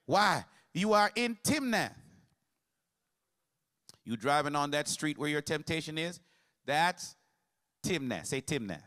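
A man's voice: a little high, animated, slow pace, pauses often, pushed and bright. A man preaching a sermon as pastor, mixing humor with call-and-response to the congregation.

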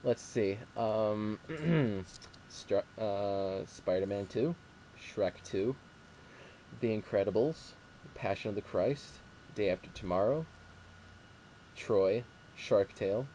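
A man's voice: lowish voice, slow pace, mellow, a little hiss or hum, poor audio. A man hosting a casual movie podcast, chatty and upbeat. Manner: chatty, upbeat sign-offs. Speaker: podcast host. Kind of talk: casual chat.

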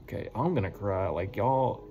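Low gravelly man with music behind. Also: lively intonation, moderate pace, warm tone, a little hiss or hum. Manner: earnest and encouraging, repeats words, casual swearing. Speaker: spiritual healer giving messages. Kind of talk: heartfelt spiritual message to viewers. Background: music playing.

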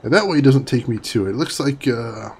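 A gaming streamer does casual let's-play commentary, chatting with viewers, reading chat aloud and laughing often. His mid-range voice is expressive, brisk, gravelly and husky.

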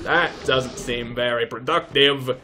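A young man giving let's play commentary, mock-pompous and swearing, shouting insults at enemies. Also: medium pitch, slow, noisy background. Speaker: gaming YouTuber.

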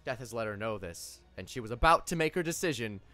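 A young man running a tabletop role-playing game as dungeon master, narrating playfully with laughs and halting restarts. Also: medium pitch, lively intonation, bright, forceful tone, faint music behind.

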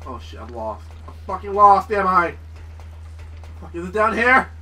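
High excitable young gamer guy. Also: moderate pace, far from the mic, poor audio. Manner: excitable, swears, shrieks when startled. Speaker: gameplay commentator. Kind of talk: casual let's-play commentary.

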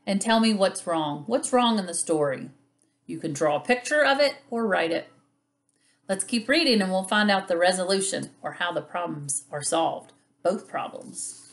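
A woman teaching young children a reading lesson on video, giving patient, encouraging instructions and reading a picture book aloud. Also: lowish voice. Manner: patient, encouraging, speaks slowly to young learners.

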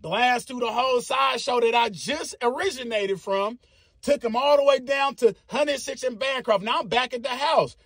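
Bay man in his thirties, very high husky voice, animated and profane storyteller who makes his own sound effects. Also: moderate pace, no echo, studio quality. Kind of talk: casual storytelling.

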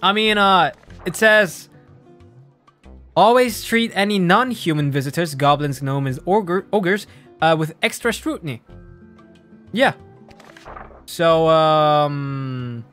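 A man's voice: fairly high pitch, lively intonation, slow, long pauses, a bit bright, faint music behind. A man streaming a video game, laughing often and reading the game text aloud.

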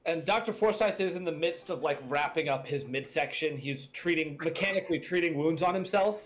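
Man narrating his game turn haltingly. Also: fairly high pitch. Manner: halting, filler-heavy. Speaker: tabletop game player.

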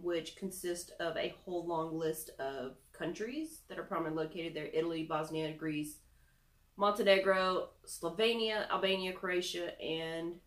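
A woman's voice: fairly low pitch, roomy sound. A young woman chatting casually through a product review, self-deprecating with giggly asides. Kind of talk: casual screen-recorded review.

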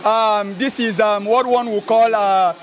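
A man with a Nigerian accent giving an excited, emphatic fan reaction in a street interview, repeating his phrases. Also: high-pitched, unhurried. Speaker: football fan giving a post-match reaction.

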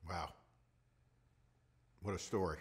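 A deep-voiced man hosts a podcast and answers his guest in slow, quiet words. His voice stays low and soft-spoken. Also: fairly even intonation. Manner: quiet, moved, speaking slowly. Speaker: podcast host. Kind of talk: interview reactions.

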